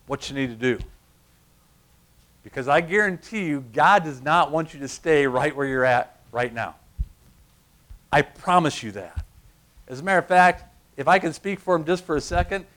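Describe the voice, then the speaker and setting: A middle-aged man preaching with a slightly high voice. He tells his stories in an animated way and acts out the voices in them. His delivery climbs to loud, emphatic peaks. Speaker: pastor. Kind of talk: sermon.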